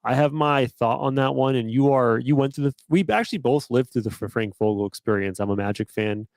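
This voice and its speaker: A man's voice: medium pitch, fairly quick, a little mellow, no echo. Laid-back man on a dry close mic. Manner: laid-back, chuckling, profane. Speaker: podcast co-host. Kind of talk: casual sports chat.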